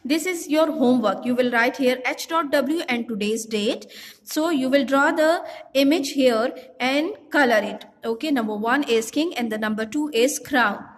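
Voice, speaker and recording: High-voiced woman teaching a class. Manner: slow, explanatory, mixes Hindi into English. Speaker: primary school English teacher. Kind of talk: recorded online class lesson. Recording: long hall reverb.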